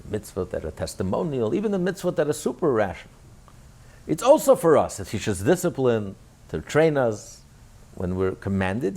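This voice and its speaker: A man with a somewhat high, slightly mellow voice leads a Torah class in rabbinic style. He asks his own questions and answers them, speaking God's words as "I" with rising emphasis.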